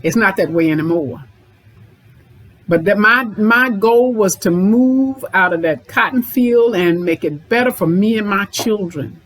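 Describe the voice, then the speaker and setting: A woman's voice: mid-range voice, unhurried, low-quality recording. Middle-aged woman therapist, folksy podcast monologue that drives points home by repeating them. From Memphis, Tennessee. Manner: folksy, repeats lines for emphasis.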